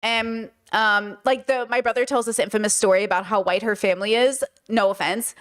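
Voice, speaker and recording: A young woman hosting a live stream, chatting casually and telling family stories with lively acted-out quotes. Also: medium pitch, brisk, clear, resonant tone. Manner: animated storyteller, acts out family members' lines. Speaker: streamer host.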